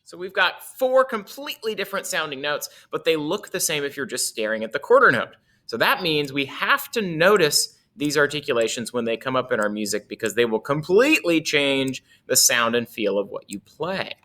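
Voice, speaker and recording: A man's voice: a little high, animated, moderate pace, hardly any pauses, bright, forceful tone. A man teaching a casual music lesson, playful and chuckling often as he explains.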